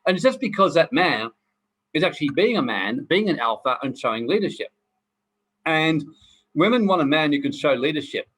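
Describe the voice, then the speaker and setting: A man's voice: a little high, very animated, moderate pace, fairly bright tone, husky, poor audio. A middle-aged man giving a blunt, preachy motivational talk to a group, swearing freely as he goes. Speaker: personal development speaker.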